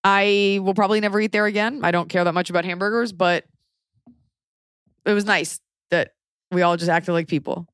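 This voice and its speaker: A woman podcast host in her thirties telling a casual story in a frank, animated way, often acting out what people said. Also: mid-range voice, brisk, clear, resonant tone, dry recording, clean studio sound. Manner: animated, acts out quoted voices, frank and profane.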